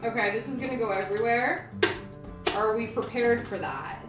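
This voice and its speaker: A woman's voice: fairly high pitch, moderate pace. A giggly young woman chats away while she bakes at home. She rambles through asides in a casual vlog voice. Her voice echoes around the kitchen, and background music runs under it. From Canada. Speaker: baking vlogger. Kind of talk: casual chat while baking.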